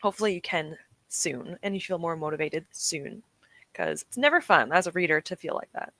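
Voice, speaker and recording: A woman's voice: fairly low pitch, animated, brisk, a bit bright, dry recording. A young woman streaming from home, chatting casually and encouragingly with her live chat, often laughing. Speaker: streamer hosting reading sprints.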